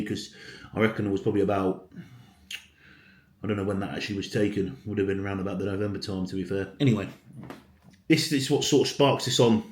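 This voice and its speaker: Blunt sweary bodybuilder vlogging. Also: male voice, lowish voice. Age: around 30. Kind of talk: casual vlog talk to camera. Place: home, indoors. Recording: echoey room.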